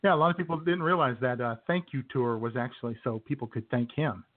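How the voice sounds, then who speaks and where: A man's voice: mid-range voice, fast. A man hosting a comedy radio show, trading dry, sarcastic remarks with his co-host. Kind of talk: casual comedy radio banter. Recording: tinny phone-like radio audio.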